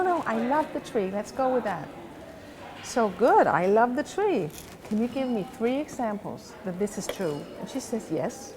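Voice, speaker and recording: A woman coach, outdoors at a museum park, calmly telling a story about a client session and quoting both sides of the dialogue. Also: medium pitch, background noise. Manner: calm, retelling a coaching session with quoted dialogue. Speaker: house coach. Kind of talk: storytelling monologue to camera.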